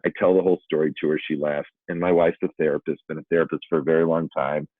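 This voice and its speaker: Very low male voice, dry phone-like narrow audio, self-deprecating storyteller. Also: flat delivery, fast, no room sound. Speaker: former school principal telling a story. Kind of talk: storytelling talk for educators.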